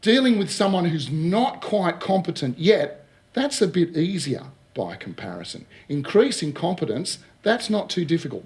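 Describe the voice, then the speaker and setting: A middle-aged man speaks in a somewhat high register. He spins workplace anecdotes with energy, slipping into the voices of the people in his stories and checking in with his listeners as he goes. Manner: lively storyteller who acts out dialogue and keeps checking with "all right?". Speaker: speaker on recruitment. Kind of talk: casual anecdotal talk.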